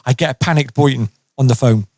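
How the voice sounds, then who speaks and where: A man's voice: mid-range voice, fast talker, no echo, clean studio sound. A man casually telling a funny story on a podcast, acting out the people in it and laughing often. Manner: animated, lively, acts out quotes and laughs often.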